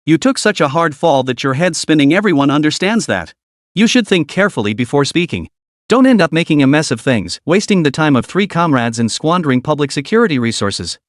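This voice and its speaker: A man voicing a smooth, commanding boss. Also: on the high side, fairly quick, no room sound, clean studio sound. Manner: calm, steering, authoritative. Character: smooth middle-aged male media boss.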